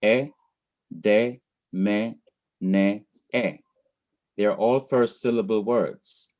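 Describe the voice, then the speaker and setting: A man's voice: on the low side, fairly even intonation, slow pace, darkish tone, dull audio. A man from Jamaica teaching a Hebrew class online, explaining patiently and repeating his points.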